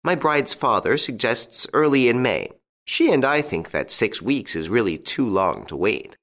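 A man playing a suave gentleman thief, teasingly courteous and smooth. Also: mid-range voice, big pitch swings, a little slow, pitched above the performer's own voice. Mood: mock-polite.

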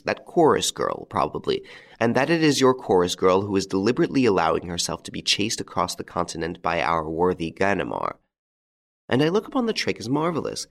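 Man reading suave gentleman thief, mocking, confident, very low voice, gravelly. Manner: confident, mocking, insistent accusation.

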